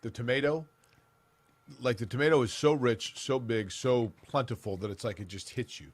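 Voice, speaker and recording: A man's voice: medium pitch, normal speed. A man co-hosting a sports talk show, teasing his partner and playfully bossy.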